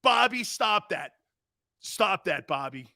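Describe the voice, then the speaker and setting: A middle-aged man hosting a sports talk show, reading viewer comments and hollering back at them with loud, teasing laughter. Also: high voice, animated, takes it slowly, vocal fry, no echo, clean studio sound.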